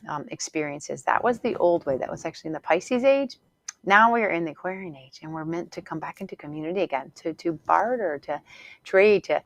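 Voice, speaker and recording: A woman hosting a spiritual podcast, speaking in a gentle, repetitive, affirming way with soft laughs. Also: fairly low pitch. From Northern Hemisphere. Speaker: podcast host and Psych-K instructor. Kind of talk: gentle motivational spiritual talk.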